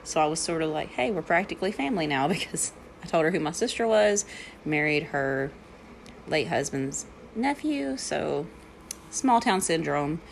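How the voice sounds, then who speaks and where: Deep, gravelly and animated at a normal pace, a woman who teaches yoga and meditation tells meandering, laugh-filled stories on her casual home podcast. A slight hiss or hum is audible, along with a rattling heater.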